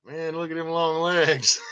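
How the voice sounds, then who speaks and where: A man's voice: fairly high pitch, bright, forceful tone, smooth. A man hosting his own channel, rambling and joking through a casual livestream monologue and laughing often. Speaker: channel host.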